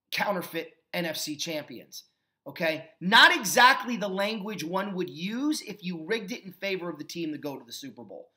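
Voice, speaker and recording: A man hosting his own football talk show, giving opinionated commentary with emphatic rhetorical questions. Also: on the high side. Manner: calmer and earnest when thanking fans. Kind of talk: opinionated sports commentary monologue.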